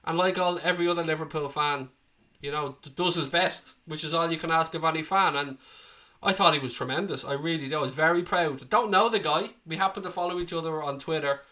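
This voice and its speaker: A man's voice: fairly high pitch, a little fast, sharp tone. A man hosting a live fan stream, reading viewer comments, passionate and ranting, swearing freely, with a slight tickly cough. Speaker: fan channel host.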